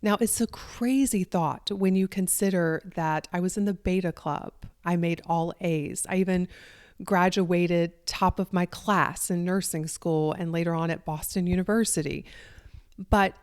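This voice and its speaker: A woman's voice: on the low side, fairly even intonation, unhurried, smooth, dry recording, studio quality. Earnest Southern woman podcast host. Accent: Southern US country. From Southern United States. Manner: warm, earnest, conversational. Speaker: podcast host, life coach. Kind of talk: solo podcast monologue.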